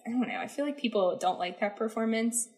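A woman's voice: on the high side, animated, quick pace, darkish tone, slightly rough. A woman co-hosting a podcast, chatting casually and giggling often, with plenty of "like" and "um". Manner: giggly, chatty, many "like" and "um" fillers. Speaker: podcast co-host. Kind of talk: casual chat about musicals.

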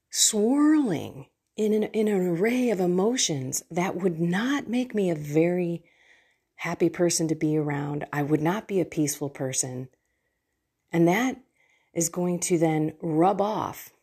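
A woman's voice: lowish voice, a little mellow, slightly rough. A woman giving an earnest, heartfelt talk about her faith, speaking as a faith coach from home. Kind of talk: personal faith talk to camera.

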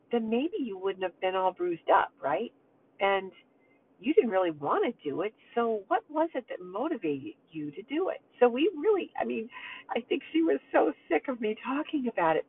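A woman's voice: mid-range voice, slightly rough. An older woman hosting a heartfelt talk for mothers, telling a personal story earnestly and speaking straight to her listeners. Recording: tinny phone-like sound with faint noise.

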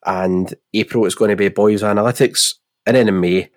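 A man's voice: fairly low pitch, steady tone, moderate pace, a little mellow, dry recording. A man with a Scottish accent and a nasal voice, co-hosting a football podcast in jokey, rambling casual chat. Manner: jokey, rambling, laughs often. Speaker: podcast co-host.

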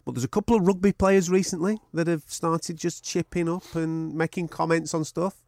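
A man's voice: a little high, moderate pace, creaky, no echo. A man co-hosting a podcast, teasing and joking in casual banter. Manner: teasing, animated, jokey. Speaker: podcast co-host.

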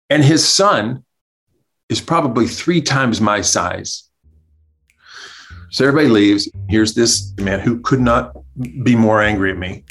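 A man telling a comic anecdote as a podcast guest, animated, acting out the people he quotes and laughing as he goes. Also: medium pitch, a little slow, long pauses. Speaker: guest storyteller, comedy writer. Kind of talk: casual anecdote.

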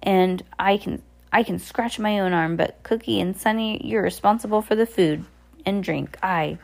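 A woman reading aloud, voicing a loud, bossy older male submarine captain who barks orders and keeps saying "aye". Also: medium pitch, normal speed, gravelly.

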